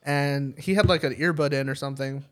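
A man's voice: medium pitch, fairly even intonation, fairly quick. A young man co-hosting a podcast, telling a story in a rambling way with lots of fillers, swearing and laughter. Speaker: podcast co-host. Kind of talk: casual chat.

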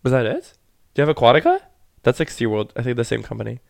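A man's voice: mid-range voice, sing-song, quick pace, gravelly, darkish tone, no echo. A man from Florida talking casually on a podcast, recorded close and dry with little room sound. He teases his co-host good-naturedly. He trails off into rambling, restarted sentences. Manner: rambling, hesitant, teasing. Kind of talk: casual chat.

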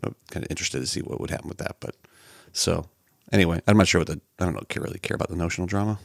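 A man co-hosting a podcast in casual chat, quick and halting with many restarts. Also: deep voice, gravelly, no room sound, clean studio sound. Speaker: podcast co-host.

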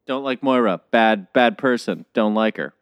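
A young man in a casual film discussion, halting with many fillers and laughing. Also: lowish voice, clear, resonant tone, no echo.

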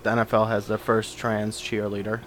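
A man's voice: lowish voice, monotone, a little fast, a bit bright, a little hiss or hum. A young man co-hosting a casual podcast, mostly chiming in with short comments and questions. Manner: short laid-back interjections and questions. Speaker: podcast co-host.

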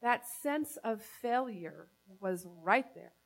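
High-voiced woman preaching a personal sermon. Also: lively intonation, takes it slowly, creaky. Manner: personal storytelling, conversational and earnest. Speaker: pastor.

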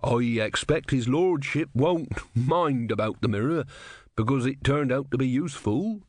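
A man's voice: mid-range voice, unhurried, no room sound, studio quality, close to an everyday voice. A man voicing a worried, gloomy ship captain in an audiobook, speaking anxiously and in secretive tones. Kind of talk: audiobook character voice.

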